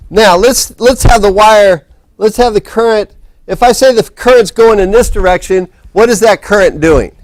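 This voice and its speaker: A man's voice: sits high, dry recording. A man lecturing a physics class in a casual, rambling way, often restarting his sentences. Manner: rambling, restarts often, talks while setting up. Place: lecture hall.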